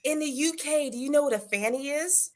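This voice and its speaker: A middle-aged woman guest in a casual live chat, telling stories in an animated, playful way. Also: sits high, a little fast.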